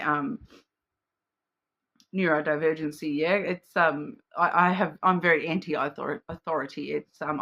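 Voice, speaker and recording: A woman with a low, sharp-toned voice gives a casual card reading to camera. She is chatty and rambling, full of fillers, restarts and laughs, and acts out playful voices for quoted lines.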